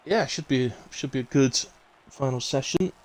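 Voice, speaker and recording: Bristolian male race commentator, relaxed and rambling, fills dead air with chat, mid-pitched voice. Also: normal speed, low-quality recording. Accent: Bristolian English. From Bristol, England. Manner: chatty, rambling, fills gaps with asides. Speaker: sim racing league commentator. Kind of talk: live casual race commentary.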